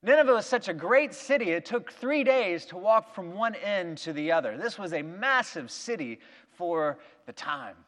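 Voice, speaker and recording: High-voiced male preacher telling a story. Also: moderate pace. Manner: lively storytelling with acted-out quotes. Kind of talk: sermon retelling a Bible story. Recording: long reverb of a big hall.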